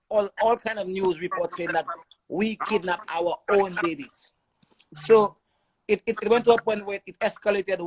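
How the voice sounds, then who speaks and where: High-voiced man giving urgent testimony. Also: poor audio. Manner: urgent, repeats words in long stammering runs. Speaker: father telling his story. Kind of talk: emotional personal testimony.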